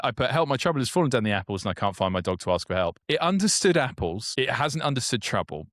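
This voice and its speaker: A man co-hosting a podcast in casual chat, animated, with frequent restarts and sudden upward jumps in pitch when excited. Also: no echo, studio quality. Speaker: podcast co-host.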